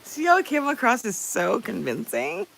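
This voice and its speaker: A woman's voice: fairly high pitch, big pitch swings, normal speed, creaky, a bit bright, a little hiss or hum, poor audio. A woman livestreamer chatting casually with her viewers, reading their messages aloud, playful and often laughing.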